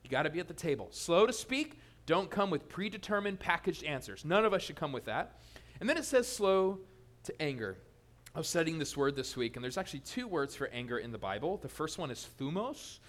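A male pastor preaching a sermon in a lively, joking way, teasing his congregation. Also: on the high side, a little fast.

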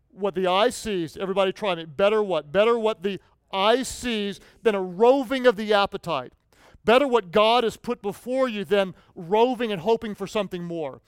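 A male pastor preaching an animated sermon, telling stories and prompting the congregation to repeat lines back. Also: sits high, smooth, no room sound. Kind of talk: sermon with call-and-response.

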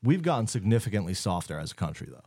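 A man's voice: lowish voice, very animated, quick pace, darkish tone, no echo, clean studio sound. A man with an American accent co-hosting a podcast, laid-back and opinionated, laughing often. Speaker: podcast co-host. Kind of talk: casual chat.

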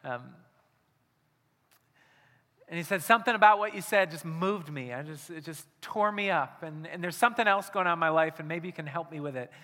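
A man preaching a sermon as pastor, dropping to hushed near-whispers and then rising to loud, urgent appeals. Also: on the high side, brisk. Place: church hall. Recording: long hall reverb.

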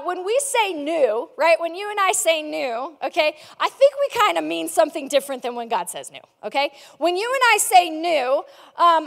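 A woman pastor preaching a sermon in a large church hall, praying earnestly and teaching with playful, chatty asides. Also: high-pitched. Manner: soft and earnest in prayer, lively and joking in teaching. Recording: long hall reverb.

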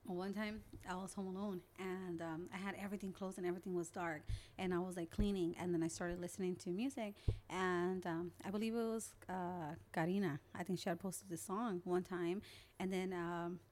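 A woman's voice: on the low side, steady tone, moderate pace, darkish tone. A young woman, a guest on an interview show, chattily retelling conversations and memories in a casual storytelling way. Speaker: guest, older sister.

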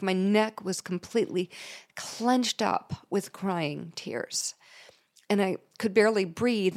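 A middle-aged woman telling a personal story in a candid, emotional way, with laughs and chatty fillers. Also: medium pitch.

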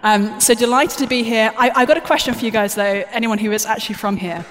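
A woman's voice: on the high side, fairly even intonation, fast, fairly bright tone. Chatty woman speaker in a reverberant hall. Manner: chatty, jokey and self-deprecating. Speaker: conference speaker. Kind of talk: plenary talk. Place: large conference hall. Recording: roomy hall reverb from a stage mic.

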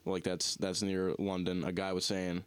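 A young man with a Northeastern US accent and a low voice talks loosely as a podcast co-host. He trails off and restarts often, and the recording is dry and close, with no room sound. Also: completely flat delivery, smooth, dry recording. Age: young adult. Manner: rambling, halting, many restarts and fillers. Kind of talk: casual chat.

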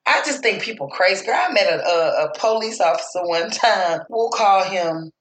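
A woman in casual chat, loud and quick to cut in with comments. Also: mid-range voice, animated, reverberant, a little hiss or hum.

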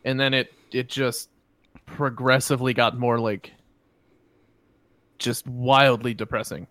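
A man's voice: mid-range voice, steady tone, unhurried, no echo. Joking young man chatting on a podcast. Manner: joking, swears freely, mock-yells in retold quotes. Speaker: podcast co-host. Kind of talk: casual chat.

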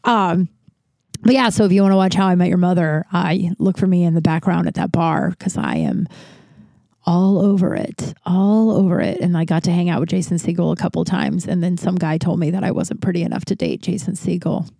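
A woman in her thirties hosting a podcast, telling a rambling, swear-filled story in casual chat and jumping up in pitch when she quotes people. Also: a little fast, vocal fry, no room sound. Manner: rambling, swears a lot, many likes; animated, jumps high for quoted voices. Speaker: podcast host.

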